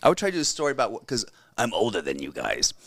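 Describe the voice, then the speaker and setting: A man's voice: fairly low pitch, huge pitch swings, racing, creaky, a bit bright, no room sound. Man, middle-aged comic, casual rambling chat, lots of swearing, dry close sound. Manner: swears freely, rambling, laughs often. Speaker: stand-up comedian, podcast co-host.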